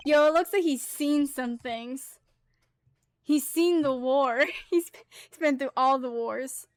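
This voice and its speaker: Woman streamer, high voice, animated casual game commentary. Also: a little slow, dry recording. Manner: animated, exclaims and laughs.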